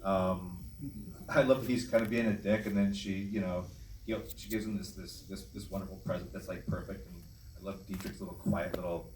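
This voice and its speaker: A man, a filmmaker on a convention panel, talking in a halting, enthusiastic way with many restarts. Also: deep voice, steady tone, a little mellow. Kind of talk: casual panel talk. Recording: echoey hall, distant mic, faint noise.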